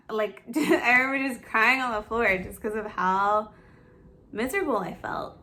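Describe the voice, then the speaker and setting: A woman's voice: mid-range voice, fairly bright tone. A young adult woman telling her personal fitness story to camera, candid and emotional, laughing through tears and acting out her own self-talk. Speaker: fitness vlogger.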